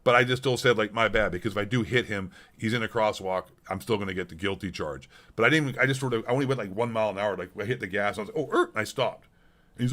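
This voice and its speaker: A man's voice: mid-range voice, fast, a bit bright. A middle-aged man streaming a heated, blunt monologue, swearing constantly and repeating himself. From Canada. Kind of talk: casual profane ranting monologue.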